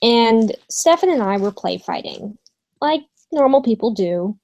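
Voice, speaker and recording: Young woman vlogging from her room, slow and halting, lots of ums. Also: a little high, expressive, gravelly, a little mellow, poor audio. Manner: hesitant, many ums, swears casually. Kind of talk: casual storytime vlog. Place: her bedroom.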